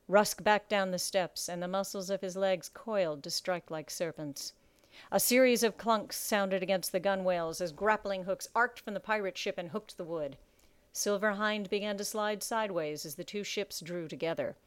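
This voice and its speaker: A woman narrates a story in a measured, dramatic way. Her voice is smooth and clear, sitting at a middle pitch. The sound is dry and close, with no room around it. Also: no echo. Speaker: audiobook narrator. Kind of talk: scripted narration.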